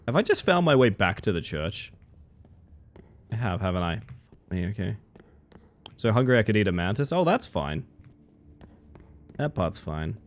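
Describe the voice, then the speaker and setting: Man, livestreamer, casual chat with viewers, playful, very lively pitch. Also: moderate pace, long pauses. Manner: playful, excitable, talks to chat. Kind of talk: casual live-stream chat.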